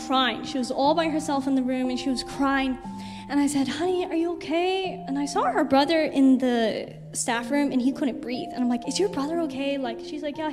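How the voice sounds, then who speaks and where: A young woman, a missionary, chattily telling stories over a slideshow with lots of "like" fillers. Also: high voice. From United States. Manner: chatty, animated storyteller with many "like" fillers. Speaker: missionary speaker. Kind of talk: casual slideshow testimony to a congregation. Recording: reverberant hall with music behind.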